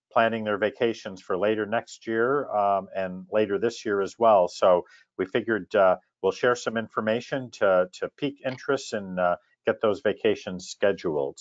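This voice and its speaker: Male webcast host, lowish voice, friendly and halting, dry, dull lo-fi sound. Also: no room sound. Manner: friendly, with frequent uh and um fillers. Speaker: webcast host, travel director. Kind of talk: casual webinar presentation.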